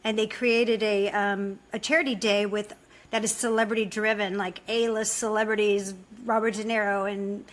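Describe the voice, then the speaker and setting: A woman's voice: medium pitch, flat delivery, normal speed. A woman co-hosting a podcast, chatting casually in a bubbly, giggly way. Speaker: podcast co-host.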